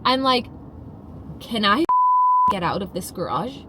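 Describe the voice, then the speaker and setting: Young woman vlogger, casual car-chat storyteller, dramatic and animated delivery, mid-pitched voice, recorded on a phone with clear car noise. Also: measured pace. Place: inside a car.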